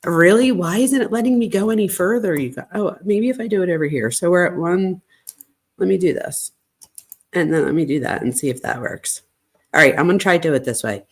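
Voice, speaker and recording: A woman with a lowish, husky voice hosts a true crime show. She reads text messages aloud and breaks off into chatty asides to her audience. Her pitch swings widely as she talks. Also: expressive, fairly quick. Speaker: true crime host and psychology professor.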